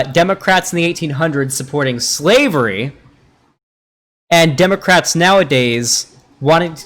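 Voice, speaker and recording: A man doing casual live-stream commentary on a video, rambling and sarcastic, with frequent swearing. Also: medium pitch.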